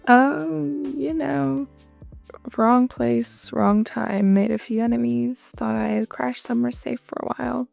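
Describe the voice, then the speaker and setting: Woman voicing chill wry young newcomer, dry humor, slow and gravelly. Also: on the high side, fairly even intonation, a little mellow, soft background music, exaggerated voice. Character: easygoing, wry young adult newcomer at a hotel.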